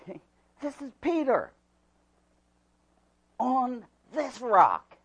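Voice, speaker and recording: A man preaches a sermon in a high voice that swings widely in pitch. He moves from hushed asides to loud, emphatic bursts, leaning hard on repeated words. His delivery is slow and deliberate. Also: wildly swooping pitch, slightly rough. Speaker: pastor.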